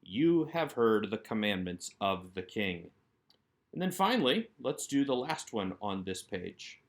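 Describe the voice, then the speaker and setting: Male language teacher, lowish voice, patient and methodical, recorded lesson. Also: big pitch swings, a little slow. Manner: patient, methodical explaining of grammar. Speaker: Hebrew teacher.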